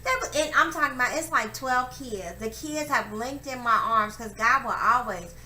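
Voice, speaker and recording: A young woman telling a personal story to camera, profane and emphatic, acting out her quotes loudly. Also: fairly high pitch, normal speed. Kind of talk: candid storytelling monologue. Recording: echoey room with faint ambient noise.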